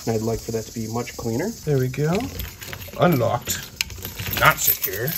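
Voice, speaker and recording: A man hosting a casual vlog, cheerfully narrating as he feeds and cleans snakes, talking to the animals and dropping to a hush when close to them. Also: mid-range voice, expressive, moderate pace, noisy background. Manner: upbeat, talks to the animals, drops to a hush near them. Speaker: reptile keeper and show host.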